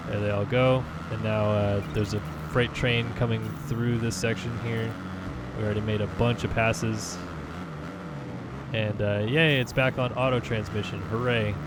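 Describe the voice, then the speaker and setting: A man's voice: mid-range voice, background noise. Laid-back man narrating his gameplay. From California. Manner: laid-back, chatty, thinks aloud with fillers. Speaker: gaming channel host. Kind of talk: casual gameplay commentary.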